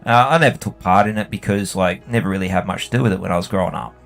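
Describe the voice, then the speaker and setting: A man's voice: low voice, very fast, gravelly, faint music behind. A young Australian man chatting bluntly and swearing freely while he plays a game. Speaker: gaming video host. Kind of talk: casual chat while playing.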